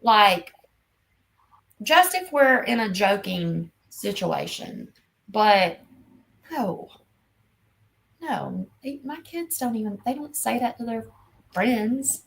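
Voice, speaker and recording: A woman's voice: a little high, sing-song, slow pace, creaky, pauses often, poor audio. A woman in her fifties hosting a casual livestream chat, talking bluntly and scolding emphatically. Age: 50s. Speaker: livestream host.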